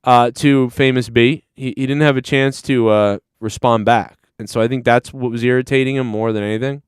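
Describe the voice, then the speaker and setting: This stream host has a medium-pitched, steady, clear, and resonant voice, speaking a little fast. He rambles and swears casually while recapping a clip, talking over it as it replays. The recording is dry, with clean studio sound.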